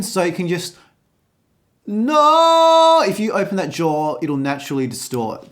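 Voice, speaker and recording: A woman's voice: on the low side, expressive, measured pace. A woman vocal coach explaining singing technique in a reaction video, breaking into sung examples. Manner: explains and demonstrates with sung snippets.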